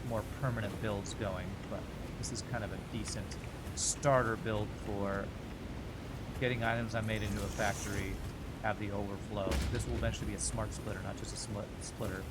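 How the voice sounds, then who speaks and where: A young adult man streaming a game, chatting casually and thinking out loud as he plays. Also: lowish voice, steady tone, heavy background noise. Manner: chatty, thinks aloud, quick laughs. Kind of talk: casual gameplay commentary.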